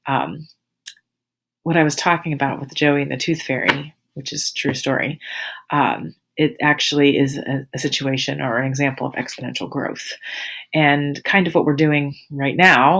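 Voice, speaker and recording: A woman's voice: extremely low pitch, a bit bright. A woman in her forties, a teacher, telling her students a rambling, amused story in a casual, chatty way.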